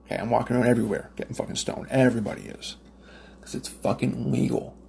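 Gravelly, swearing man ranting. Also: mid-range voice, steady tone, fast, mellow, a little hiss or hum. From Nova Scotia, Canada. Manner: profane, rambling, lots of fillers and restarts. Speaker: smoker telling stories. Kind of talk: casual ranting monologue.

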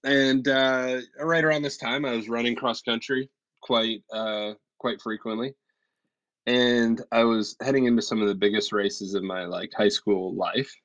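A man's voice: mid-range voice, steady tone, unhurried, a bit bright, lo-fi sound. A man co-hosting a casual podcast, laid-back and hesitant with many fillers. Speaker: podcast co-host, pastor. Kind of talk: casual chat. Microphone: remote call.

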